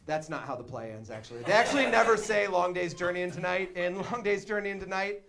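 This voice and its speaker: A young man doing live stand-up storytelling on a theater stage, dropping to quiet asides and then breaking into shouted, laughing excitement. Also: high voice, fast talker, gravelly, very noisy. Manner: laughs while talking. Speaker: stand-up comedian.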